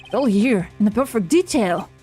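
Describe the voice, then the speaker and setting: A woman's voice: medium pitch, animated, normal speed, dark tone, breathy edge, faint music behind. A woman voicing an earnest young male defense lawyer in a video game reading, close to her own voice.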